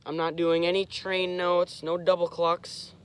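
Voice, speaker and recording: A young man talks through a beginner's lesson on his own channel, his voice sitting a little high. He pauses and searches for words as he goes. Now and then he breaks into short, clipped demonstration sounds. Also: monotone, heavy background noise. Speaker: host. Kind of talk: casual instructional talk.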